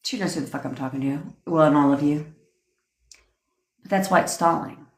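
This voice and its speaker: Woman, manifestation coach, livestream rant, blunt, swearing, lowish voice, echoey room. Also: fairly quick. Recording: roomy echo.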